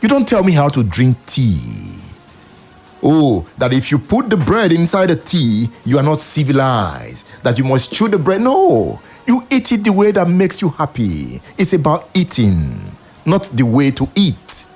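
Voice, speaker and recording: A Nigerian-accented male radio host with a gravelly, husky voice, speaking slowly and with deliberate weight. His pitch swings widely, rising and falling sharply as he preaches, and a faint music bed plays under him. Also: huge pitch swings, a little mellow. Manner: preachy, emphatic, rhetorical questions. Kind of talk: opinionated radio commentary.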